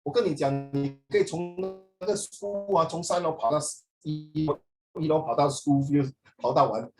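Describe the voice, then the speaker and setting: A man's voice: on the high side, moderate pace, darkish tone, soft background music, low-quality recording. A man teaching a casual lesson, switching between English and Mandarin and teasing his students. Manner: playful, teasing.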